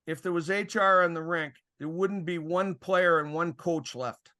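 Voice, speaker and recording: Older man telling animated hockey stories. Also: fairly high pitch, unhurried. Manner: animated storyteller, acts out quoted exchanges, chuckles often. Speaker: podcast guest, former referee. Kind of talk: casual storytelling chat.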